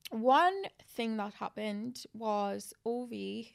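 A woman's voice: a little high, very slow, creaky. Chatty young woman. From England. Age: 20s. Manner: animated storytelling, lots of "like". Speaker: guest. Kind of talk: casual podcast chat.

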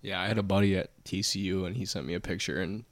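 A man's voice: low-pitched, fairly even intonation, fast, over a noisy crowd. A man on a podcast chatting casually and making wry joking asides. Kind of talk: casual chat.

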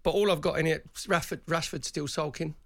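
A man's voice: a little high, fairly even intonation, a little fast, creaky, a bit bright, no room sound. A middle-aged man, co-hosting a casual football chat and making his points emphatically, repeating himself. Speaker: radio co-host, former footballer. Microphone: studio microphone.

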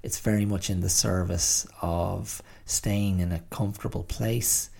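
A man's voice: low voice, steady tone, unhurried, creaky, a little mellow, breathy edge. A middle-aged man hosting a podcast, musing aloud in a thoughtful, hesitant way with many restarts. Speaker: podcast host. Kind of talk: reflective solo monologue.

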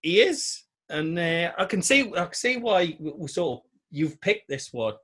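A man's voice: high voice, sing-song, unhurried, a bit bright, breathy edge. A man, co-hosting a podcast in casual chat, telling stories and laughing often. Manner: laughs often, jokey storytelling. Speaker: podcast co-host.

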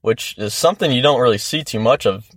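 A man's voice: mid-range voice, quick pace, a bit bright, no room sound, clean studio sound. A young man from the Midwest, a skateboarder and guest, telling stories in a laid-back, rambling way and swearing freely. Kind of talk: casual podcast storytelling.

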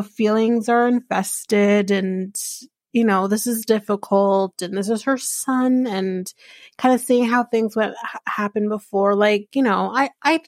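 A woman hosting a podcast, casually recapping a reality show episode with many fillers and quick asides. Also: mid-range voice, no echo, studio quality.

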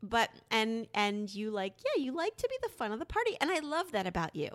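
Swearing often, a woman in her thirties spins an animated story for her husband during a casual podcast chat she co-hosts. She speaks briskly in a higher register.

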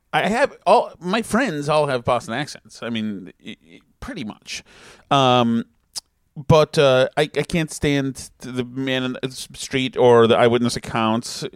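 A man hosts a casual podcast, telling stories in a rambling, stop-start way. His voice rises and falls widely as he talks. The sound is dry and close, with no room echo. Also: medium pitch. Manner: rambling, self-interrupting storyteller. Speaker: podcast host. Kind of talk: casual chat reading listener messages.

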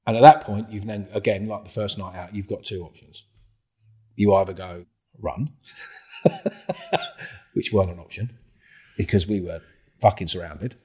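A man's voice: fairly low pitch, very animated, moderate pace, pauses often, warm tone, husky. A middle-aged man, telling a story in a casual interview, swearing constantly and acting out both sides of heated arguments. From England. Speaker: guest, former undercover police officer.

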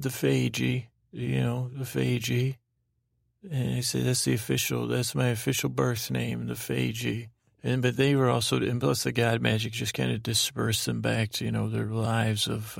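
Gravelly man rambling a sleepy story. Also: no room sound, clean studio sound. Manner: meandering, halting, lots of fillers and restarts; drowsy, low-key storytelling. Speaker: podcast host.

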